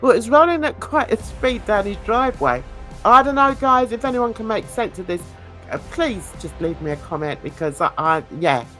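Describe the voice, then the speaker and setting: A woman's voice: fairly high pitch, expressive, normal speed, fairly bright tone, soft background music. A woman with a London accent gives chatty, giggly casual commentary while reading news aloud to her viewers. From London, England. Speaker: YouTube channel host.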